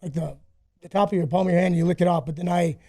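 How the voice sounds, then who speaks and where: A man's voice: high-pitched, fairly even intonation, rapid-fire, dark tone. A man telling rambling, profane stories about himself in a casual podcast interview. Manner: profane, rambling, self-mocking. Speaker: guest, former fighter.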